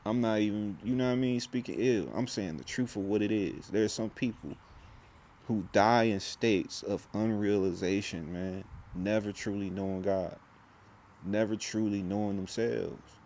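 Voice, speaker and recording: A man's voice: lowish voice, moderate pace, a little mellow, a little hiss or hum. A young man talking to camera in a rambling, intense vlog monologue, full of restarts and slang. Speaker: vlogger.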